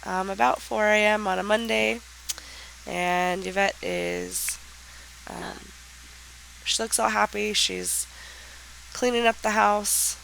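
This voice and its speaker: A woman with a raspy, nasal voice from a sinus infection, giving hesitant, chatty commentary as she plays a life-sim game. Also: mid-range voice, animated, slow, long pauses, a bit bright, slight background noise, low-quality recording. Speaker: let's play host.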